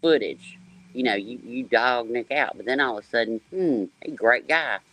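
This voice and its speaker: A man's voice: medium pitch, normal speed, fairly bright tone, rough recording. A man from the American South with a Southern accent, talking bluntly and with slang as a panelist on a casual livestream.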